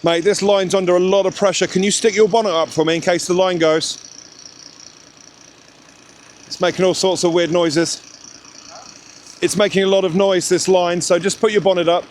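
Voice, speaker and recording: A man's voice: high voice, fairly even intonation, brisk, a little hiss or hum. A man vlogging outdoors in the snow, chatty and reassuring as he gives directions. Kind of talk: casual vlog chat.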